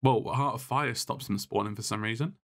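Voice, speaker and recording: A man's voice: mid-range voice, brisk, gravelly, fairly bright tone. A man talking as a podcast guest in casual chat, blunt and exasperated, swearing freely as he complains. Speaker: podcast guest, content creator.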